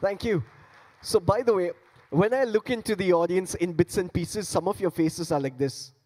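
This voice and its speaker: A man with a high-pitched, slightly mellow voice gives a playful beatboxing demonstration and talk at a moderate pace, inviting the audience to join in. It's recorded in a large conference hall with long reverb.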